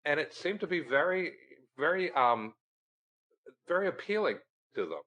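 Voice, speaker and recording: A middle-aged man and guest on a podcast, telling a story in a lively way and acting out the dialogue. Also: fairly high pitch, moderate pace, poor audio. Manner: animated storyteller, acting out quoted dialogue with laughs. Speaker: research center director, guest.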